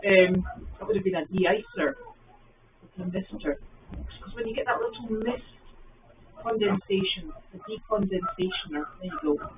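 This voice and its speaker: A woman's voice: mid-range voice, sing-song, moderate pace, background noise. A middle-aged Scottish woman hosting a livestream, telling rambling anecdotes and answering viewers' comments in casual chat. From Scotland. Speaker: livestream host. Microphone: phone livestream. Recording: phone-like sound from a distance.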